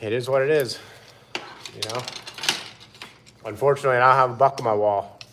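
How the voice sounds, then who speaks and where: A man hosting a live stream outdoors, chatting in a relaxed way and greeting viewers by name. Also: mid-range voice, fairly quick. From Pennsylvania. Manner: laid-back, answers chat by name. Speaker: livestream host. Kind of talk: casual live-stream chat.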